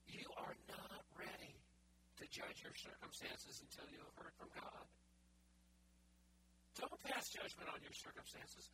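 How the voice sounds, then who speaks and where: A pastor preaching a sermon in a soft, breathy way that often drops close to a whisper. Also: unhurried, long pauses. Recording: noisy recording with a hum.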